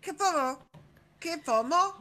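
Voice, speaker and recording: A woman's voice: extremely high pitch, lively intonation, a little slow, sharp tone. An American woman in casual comedic banter, exasperated, swearing and laughing in frustration. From United States.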